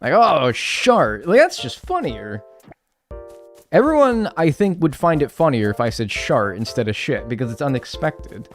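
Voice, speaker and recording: A man streaming a video game, talking loosely and joking as he plays. His voice swings up and down with lively energy, and faint game music runs underneath. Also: mid-range voice, moderate pace. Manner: rambling, animated and joking. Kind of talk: casual live-stream gaming chat.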